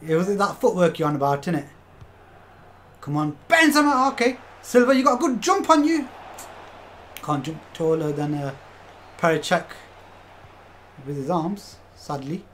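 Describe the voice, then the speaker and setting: A young man streaming a football video game, calling the action as it happens. His voice sits a bit high and bright, he swears freely, and he chats to his viewers as "lads". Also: normal speed, long pauses, a little hiss or hum. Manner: swears often, excitable outbursts, talks to chat as "lads". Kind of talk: live gameplay commentary.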